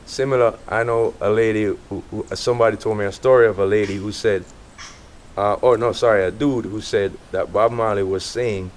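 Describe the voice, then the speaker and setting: A middle-aged Jamaican man, an artist as guest, telling stories in a relaxed casual interview. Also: fairly low pitch, fairly quick, slight background noise. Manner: relaxed, animated storytelling with quoted voices.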